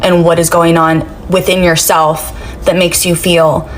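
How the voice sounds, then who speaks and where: A woman's voice: on the low side, flat delivery, measured pace, faint music behind. Blunt, swearing woman giving advice. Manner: blunt, profane, emphatic. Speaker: advice speaker. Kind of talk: casual straight-talk monologue.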